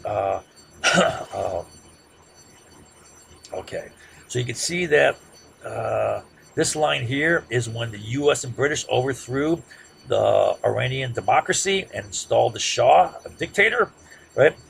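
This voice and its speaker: A man giving a classroom lecture in a conversational way, often checking in with "right?" and growing loud and heated as he makes his points. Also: medium pitch, lively intonation, measured pace, creaky, long pauses, slight background noise. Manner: conversational, peppers sentences with "right?"; gets loud and heated when making a point.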